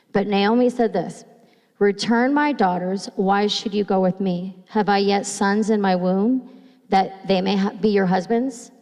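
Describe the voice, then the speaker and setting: A woman pastor preaching in a church, her voice at a middle pitch for a woman. She reads scripture slowly and retells it in her own words, a little nervous, with halting restarts. Long reverb from the church hall trails after each phrase. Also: darkish tone. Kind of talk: sermon with scripture reading. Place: church sanctuary.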